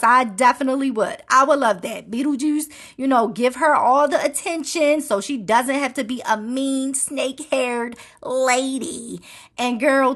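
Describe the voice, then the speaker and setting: A woman's voice: high voice, a bit bright. A woman hosting a podcast in a casual, chatty way, laughing often and throwing in playful asides. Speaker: podcast host.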